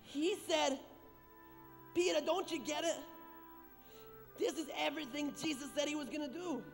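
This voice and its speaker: An actor playing the apostle Peter as an excitable, rambling fisherman who stammers, in a church skit. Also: very high voice, moderate pace, vocal fry. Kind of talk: stage comedy-drama acting. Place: church stage. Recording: echoey church hall with music.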